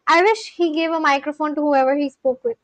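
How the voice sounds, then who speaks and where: A woman talks through a casual live stream from her home. Her voice sits high and bright, recorded dry and close, and she keeps up a running, chatty commentary as she reacts to clips and messages from viewers. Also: expressive, a little fast, no room sound, rough recording. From India. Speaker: language-learning livestreamer.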